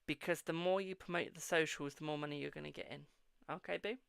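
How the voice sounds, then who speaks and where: A British man with a slightly high, gravelly voice gives a live-stream tarot reading. He is affectionate and repetitive, calling his viewers darling and echoing his own phrases. The sound is dry and close. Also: steady tone, quick pace, fairly bright tone. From United Kingdom.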